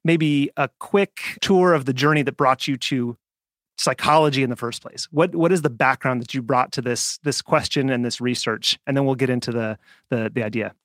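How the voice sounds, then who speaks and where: A man hosting a podcast, reading a scripted introduction and then asking his guest questions in a measured, articulate way. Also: medium pitch, fairly bright tone, no echo, clean studio sound. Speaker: podcast host.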